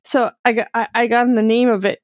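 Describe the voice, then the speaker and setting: A woman's voice: on the high side, little pitch movement, fast talker, no echo, lo-fi sound. Lady guest on a podcast rambling through a story, wry, dead dry mic. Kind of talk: casual chat.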